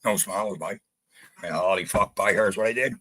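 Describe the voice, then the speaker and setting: A man's voice: sits low, moderate pace, slight background noise, low-quality recording. A man from Canada telling a gritty story in casual podcast chat, blunt and full of swearing. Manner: profane, blunt, animated retelling. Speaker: podcast guest.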